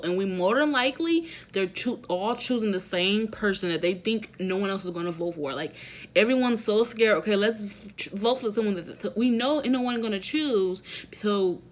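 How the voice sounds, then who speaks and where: A woman's voice: fairly high pitch, normal speed. A young woman giving a casual, sassy and opinionated recap of a reality show, full of slang.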